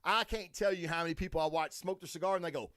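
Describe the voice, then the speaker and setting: A man's voice: on the high side, fast talker, fairly bright tone, no room sound, clean studio sound. A man hosting a podcast, talking in a crude, rambling way and swearing constantly. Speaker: podcast host. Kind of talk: profane casual monologue.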